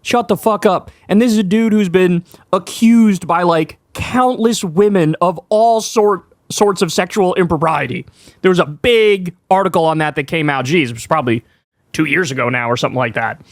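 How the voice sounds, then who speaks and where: A man's voice: high voice, moderate pace, no room sound, studio quality. A man hosting an online political commentary show, ranting heatedly in casual slang with plenty of profanity.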